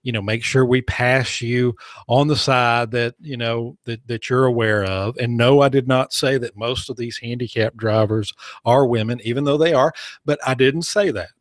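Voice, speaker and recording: A man's voice: medium pitch, steady tone, moderate pace, dry recording. A man hosting a talk radio show, rambling and joking sarcastically into a studio microphone. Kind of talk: opinionated talk radio monologue.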